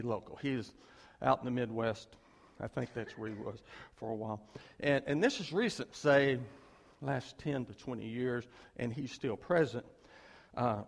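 A man's voice: medium pitch, gravelly, big-room sound. A male pastor preaching a sermon, telling a story and acting out both sides of a conversation.

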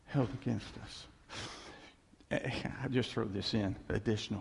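A man preaching a sermon, his delivery swinging between loud, animated exclamations and hushed, quiet lines. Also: lowish voice, normal speed, vocal fry, husky, in a large hall. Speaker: pastor.

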